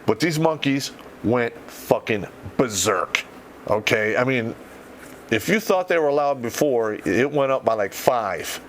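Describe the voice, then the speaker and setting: A man's voice: medium pitch, expressive, unhurried, a little hiss or hum. A middle-aged man who swears freely while casually telling a war story on a podcast and laughs as he goes. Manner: profane, laughs through the telling.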